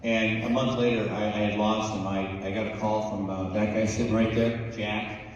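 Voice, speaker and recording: A man's voice: on the low side, little pitch movement, normal speed, muffled recording, a little hiss or hum. A man speaking bluntly and plainly to students at a school assembly. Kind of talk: spoken talk to students. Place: large school hall. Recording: echoey hall recorded from far off.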